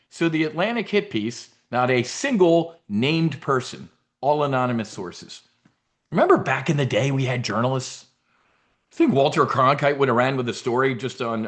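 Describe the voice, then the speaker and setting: A middle-aged man talks through a live investing briefing in loose, unscripted commentary. He is blunt, swears freely and wanders off into asides and restarts. His voice sits at an ordinary pitch for a man. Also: animated, moderate pace.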